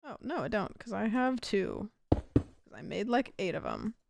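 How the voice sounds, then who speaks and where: A young woman streamer chats through a game in a goofy, joking way, full of rambling asides. Her pitch sits in the middle range for a woman. A constant layer of noise runs under the stream audio. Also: huge pitch swings, unhurried, creaky. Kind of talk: casual gameplay chat.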